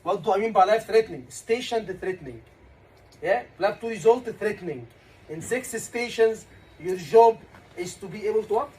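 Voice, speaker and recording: High-voiced Egyptian-accented man teaching a class. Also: moderate pace, husky, poor audio. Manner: energetic, asks the class questions and repeats key words. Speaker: medical exam tutor.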